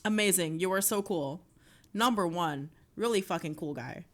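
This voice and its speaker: A young woman streaming live, chatting casually and excitably, swearing often. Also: fairly low pitch, moderate pace. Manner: excitable, swearing, breaks into shrieks and laughter.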